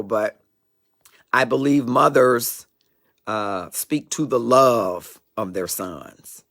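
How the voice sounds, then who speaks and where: Gravelly, preachy middle-aged male host. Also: medium pitch, extremely slow, a bit bright. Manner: preachy, emphatic, digressive. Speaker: talk show host. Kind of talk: motivational talk show monologue.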